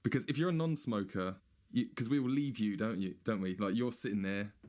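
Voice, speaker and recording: A man doing a sweary, sarcastic stand-up rant, now and then mocking people in a high whiny voice. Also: brisk, darkish tone. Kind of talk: ranting stand-up monologue.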